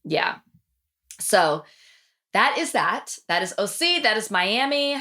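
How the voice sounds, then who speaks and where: A woman hosting a podcast, retelling TV episodes in casual chat and acting out the quotes. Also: slow pace. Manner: animated storytelling, acts out quotes with big pitch jumps. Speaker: podcast host.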